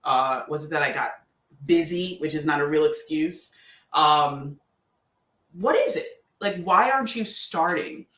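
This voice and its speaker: Animated, chatty woman podcast host. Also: sits low, a little slow. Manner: animated, chatty, slangy, laughs often. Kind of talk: casual motivational talk. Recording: roomy echo.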